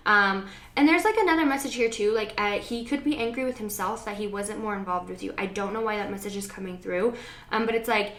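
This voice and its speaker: A woman's voice: medium pitch, brisk, fairly bright tone. Rambling young woman in an echoey room. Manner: rambling, hesitant, many fillers and restarts. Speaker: medium giving a general reading. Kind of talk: spoken spiritual reading to camera. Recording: echoey room with faint ambient noise.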